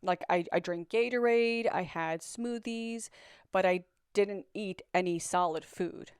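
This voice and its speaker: A woman's voice: medium pitch, a little slow, clear, resonant tone, dry recording, clean studio sound. A young woman telling her own story in a candid, reflective way, often repeating words as she searches for them. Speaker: survivor sharing her story. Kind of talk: personal storytelling.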